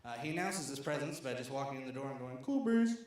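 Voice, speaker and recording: A man's voice: mid-range voice, fast. A man from Arkansas giving a conversational storytelling talk at a lecture series, with fillers and restarts. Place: large lecture hall. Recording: very echoey hall.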